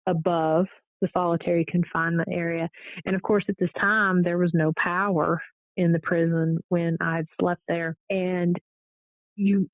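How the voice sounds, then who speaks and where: A woman paranormal investigator, a guest on the show, telling her stories in a casual, animated way. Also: fairly low pitch, no room sound. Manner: animated storytelling, fillers and restarts. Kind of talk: casual interview storytelling. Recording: dull lo-fi audio.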